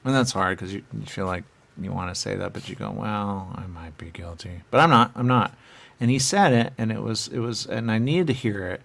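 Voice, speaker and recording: A man talking in the first person as a dead spirit, rambling and halting, trailing off into fillers and jumping to high voices for quotes. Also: creaky, a bit bright.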